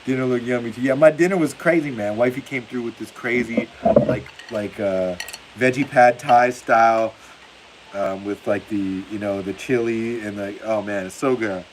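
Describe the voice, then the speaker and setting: A man's voice: medium pitch, moderate pace, rough recording. Laid-back man hosting a livestream. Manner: laughs often, reads viewer comments aloud. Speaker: livestream host. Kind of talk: casual live game commentary and chat. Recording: faint hiss behind the voice.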